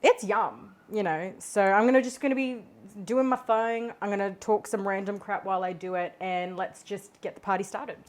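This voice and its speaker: A woman's voice: medium pitch, moderate pace, hardly any pauses. A young Australian woman with an Australian accent, hosting a cooking tutorial in a cheeky, sweary, giggly way. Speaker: cooking vlogger.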